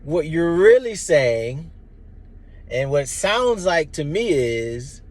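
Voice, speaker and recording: A man's voice: on the high side, big pitch swings, slow pace. A man in his thirties giving an impassioned, blunt personal monologue, emphatic and profane. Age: 30s. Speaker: vlogger.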